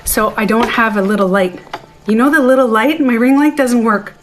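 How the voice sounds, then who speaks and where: A woman's voice: on the high side, moderate pace, a little hiss or hum. Chatty woman streaming live from home. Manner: chatty, self-interrupting, talks to viewers and reads their comments. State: out of breath. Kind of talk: casual live-stream chat. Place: home den. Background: soft music playing.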